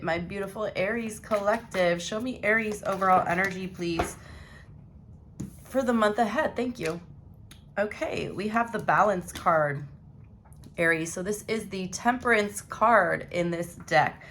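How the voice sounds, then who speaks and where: A young woman with a lowish voice gives a casual tarot reading to camera. She is chatty and rambling, talking straight to her viewers. A faint hiss sits under her voice. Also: fairly bright tone. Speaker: tarot reader.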